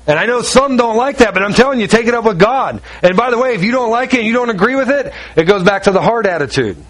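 A man with a high voice preaches a sermon with emphatic, repetitive phrasing. He breaks off into quick asides to his listeners. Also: expressive, a bit bright. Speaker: pastor.

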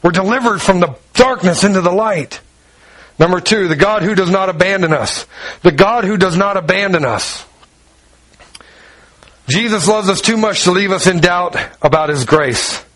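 A man preaching a sermon, telling the story with lively energy and acting out the characters' lines as he walks around. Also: high-pitched, moderate pace, poor audio.

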